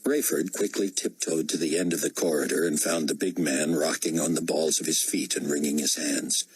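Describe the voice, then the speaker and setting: A man reading an audiobook in steady, measured narration. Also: very deep voice, breathy edge, no room sound, poor audio. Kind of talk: scripted narration.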